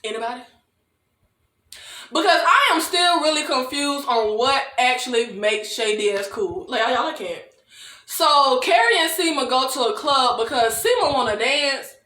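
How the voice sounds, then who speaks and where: A young woman giving a comedic TV recap, animated and quick to laugh. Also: sits high, reverberant. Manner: animated, laughs often, mock-quotes characters in exaggerated voices. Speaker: TV recap vlogger.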